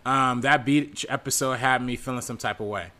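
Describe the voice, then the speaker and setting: A man's voice: mid-range voice, normal speed, sharp tone. A man reading viewer donation messages on a casual live-stream panel show, with many ums and easy laughs.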